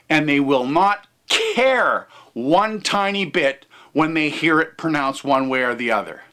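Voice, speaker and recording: A man's voice: fairly high pitch, pushed and bright. A man doing a comic, profane rant to camera, brash and mocking. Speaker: vlogger.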